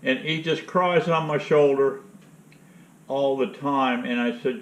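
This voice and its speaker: A man's voice: medium pitch, steady tone, takes it slowly. A man hosting an outdoor channel, telling a rambling, blunt story in a casual monologue. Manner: rambling, blunt, retells conversations. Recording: roomy, dull lo-fi sound.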